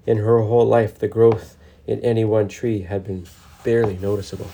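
Mellow, low-voiced male storyteller. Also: a little fast, gravelly. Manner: gentle, reflective, steady. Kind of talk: storybook narration.

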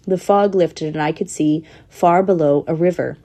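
A woman's voice: deep voice, normal speed, warm tone. A woman voicing a young female squirrel telling her story in a matter-of-fact, thoughtful way. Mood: earnest.

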